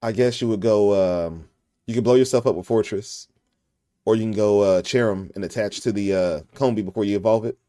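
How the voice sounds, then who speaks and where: A man's voice: on the low side, a little fast, dark tone, dry recording, studio quality. A young adult man hosting a casual podcast chat in a goofy, joking way. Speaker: podcast host.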